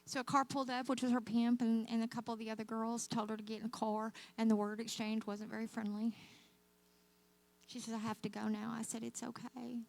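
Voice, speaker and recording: A woman's voice: on the high side, level tone, brisk, creaky, darkish tone, low-quality recording. A woman giving an earnest testimony to a church as a guest speaker, telling stories and calling the crowd y'all.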